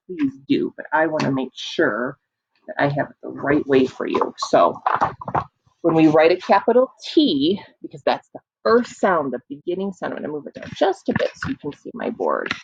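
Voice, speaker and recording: A woman teacher leading an online early-reading lesson, encouraging the children and stretching words out slowly so they can clap the syllables. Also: sits low, creaky, lo-fi sound, noisy background. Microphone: computer mic.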